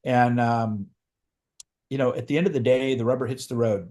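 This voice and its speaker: A man's voice: mid-range voice, fairly even intonation, normal speed, darkish tone. A man giving a motivational training talk as a recruiting coach, speaking emphatically and driving home his points by repeating phrases. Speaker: real estate recruiting coach.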